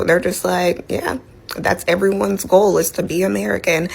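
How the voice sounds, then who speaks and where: A woman's voice: on the low side, creaky, a little hiss or hum, poor audio. A woman giving earnest, explanatory vlog commentary in a casual tone.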